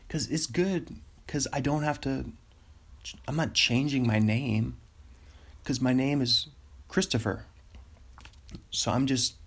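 Young guy rambling on his podcast, jokey and amused with himself, slow gravelly voice. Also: medium pitch. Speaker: podcast host. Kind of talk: casual solo podcast monologue. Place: Los Angeles.

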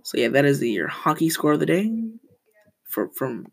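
Give me a teenage student rambling through a casual school podcast, with a creaky voice and mid-range pitch. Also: animated, normal speed, poor audio. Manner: rambling, often corrects itself, tells corny jokes.

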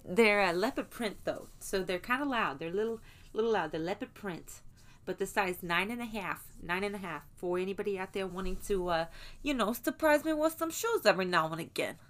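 A woman's voice: fairly low pitch, fairly bright tone. Woman, 30s, casual vlogger; rambling, profane, chatty storyteller.

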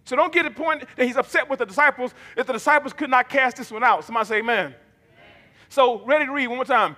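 Male pastor, high-pitched and bright, rhythmic call-and-response preaching, echoing church hall. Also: fast talker. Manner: rhythmic, emphatic, calls congregation to repeat lines. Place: church sanctuary. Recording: long reverb of a large hall.

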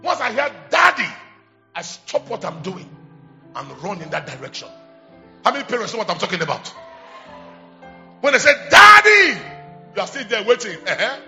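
Nigerian male bishop, middle-aged, very high bright voice, shouting, calling the crowd to respond. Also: big pitch swings, brisk, gravelly, pauses often, highs cut off, faint music behind. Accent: Nigerian English. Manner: shouting, call-and-response, repetitive. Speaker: bishop preaching. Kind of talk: charismatic sermon.

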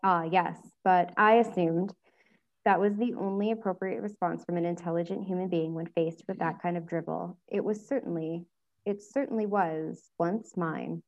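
A woman's voice: fairly low pitch, fairly even intonation, normal speed, lo-fi sound, close to an everyday voice. A woman voicing a brooding, sardonic older male wizard who drawls his lines dryly. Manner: dry, drawling.

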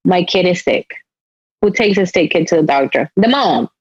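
A woman's voice: lowish voice, animated, moderate pace, husky, no echo, highs cut off. A woman with a Spanish accent hosting a podcast, speaking in earnest, reflective runs in casual interview chat. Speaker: podcast host.

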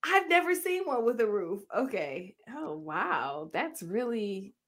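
A woman's voice: medium pitch, very animated, takes it slowly, a bit bright. A woman co-hosting a casual show, giving wry, opinionated reactions to church videos. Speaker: co-host.

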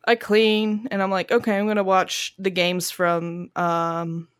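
A woman co-hosting a podcast, telling a long story in casual chat, swearing freely and loudly acting out the people she quotes. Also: medium pitch, level tone, a little slow, smooth, no echo, studio quality. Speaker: podcast co-host. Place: home garage studio.

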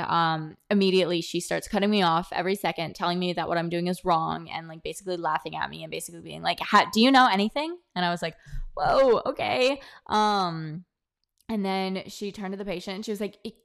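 A young woman hosting her own podcast, telling a work story in a chatty, animated way and acting out what others said. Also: fairly low pitch, vocal fry. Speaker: podcast host. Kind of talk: casual storytelling monologue. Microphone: own podcast mic, close.

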